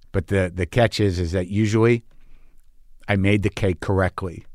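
A man's voice: on the low side, no echo, clean studio sound. A man hosting a podcast, telling a comic story in a profane, self-mocking rant. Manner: profane, self-deprecating ranting. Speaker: podcast host. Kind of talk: comic monologue.

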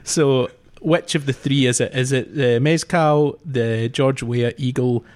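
A man speaks on a casual football podcast. His voice sits at a middle pitch, and he is steady and dry as he lays out quiz questions one by one. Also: measured pace. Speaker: podcast regular, quiz setter.

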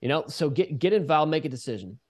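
A man being interviewed, talking earnestly with many halting restarts. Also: fairly high pitch, lively intonation, a little mellow. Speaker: guest. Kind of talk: casual interview talk.

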